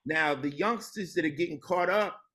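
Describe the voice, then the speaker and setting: A man chats as an interview guest in an easygoing, storytelling way. His voice sits a little high for a man. He drops low and slow for the serious points. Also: bright, forceful tone. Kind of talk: casual conversation.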